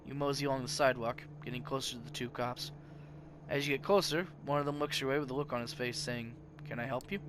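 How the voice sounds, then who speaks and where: A man hosting a game let's play, reading its narration aloud with lively swings between loud and quiet. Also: medium pitch, fast talker, background noise. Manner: animated reading with big swings in loudness.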